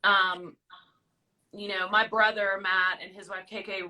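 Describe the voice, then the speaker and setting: A woman's voice: medium pitch, level tone, a little slow, sharp tone, recorded from a distance, rough recording. A woman hosting a casual livestream chat, encouraging and emotional as she talks. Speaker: host.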